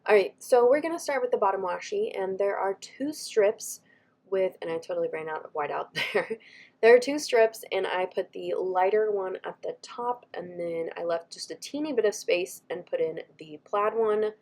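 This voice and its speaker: A woman, chatting warmly and gushing as she walks through her planner stickers, her voice a little scratchy from a cold. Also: fairly low pitch, moderate pace, few pauses. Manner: gushing, chatty, frequent soft asides. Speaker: planner vlogger. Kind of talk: casual chat over a craft video.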